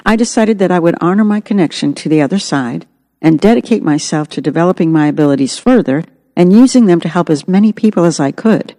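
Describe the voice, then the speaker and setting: A woman's voice: lowish voice, warm tone, in a large hall. A woman narrating her own memoir as an audiobook, in an earnest, reflective way.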